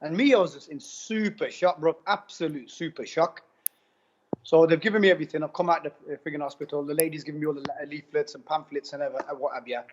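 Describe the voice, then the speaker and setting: A man tells his own story in an interview, loose and slangy, circling back and repeating himself as he goes. His voice sits a little high for a man. The recording is muffled and lo-fi. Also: fairly even intonation, fast, a little hiss or hum. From United Kingdom. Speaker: interviewee giving a testimonial. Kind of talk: casual storytelling. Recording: dull lo-fi sound.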